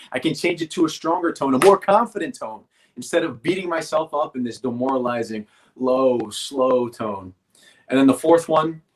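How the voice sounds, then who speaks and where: A man teaching athletes in a motivational coaching style, explaining step by step and often checking in with "right?". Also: mid-range voice.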